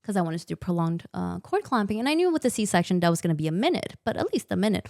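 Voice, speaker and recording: A woman's voice: medium pitch, sing-song, fast, creaky, darkish tone, no echo, clean studio sound. A young adult woman, a maternity nurse guest on a podcast, candidly retelling her birth experience with emphatic quoted dialogue. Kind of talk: candid conversational storytelling.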